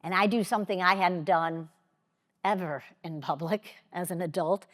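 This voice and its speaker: Woman, keynote storyteller, lowish voice, expressive, long hall echo. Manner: expressive, dramatic pauses, quotes people aloud. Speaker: keynote speaker. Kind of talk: motivational storytelling talk. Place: large conference hall.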